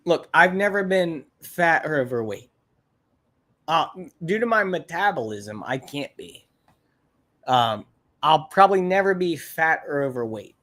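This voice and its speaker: A man's voice: fairly high pitch, fairly bright tone. Rambling, profane man chatting on a livestream. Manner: rambling, blunt and profane, repeats himself. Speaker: livestream host. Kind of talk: casual chat to live viewers.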